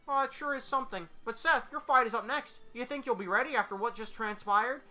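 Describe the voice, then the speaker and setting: A narrator voicing a friendly frog host with a high, chirpy manner. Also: a little fast, sharp tone, faint music behind, lightly acted. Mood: concerned.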